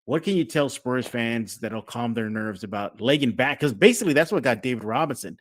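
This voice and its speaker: A man's voice: medium pitch, animated, a little fast. A man hosting a casual sports podcast, talking with energy and acting out fan reactions. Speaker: podcast host.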